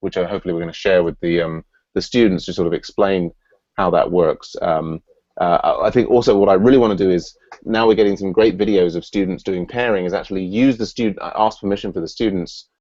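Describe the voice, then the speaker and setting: A man's voice: low voice, fast, darkish tone, no room sound, dull audio. A man hosting an online work meeting, thinking aloud with frequent restarts and fillers. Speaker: meeting host. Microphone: video call.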